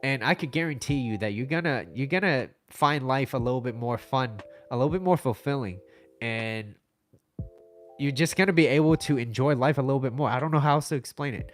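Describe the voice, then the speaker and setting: A man's voice: medium pitch, fairly quick, soft background music. A young man from the United States chatting casually on his livestream, rambling through stories and reading out viewer comments. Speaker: livestream host.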